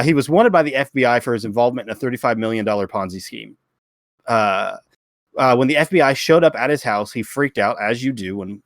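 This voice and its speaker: A man's voice: medium pitch, dry recording. Young guy cohosting a podcast, jokey storyteller, dry close sound. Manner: joking storyteller, acts out quotes. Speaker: podcast co-host. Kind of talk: casual chat.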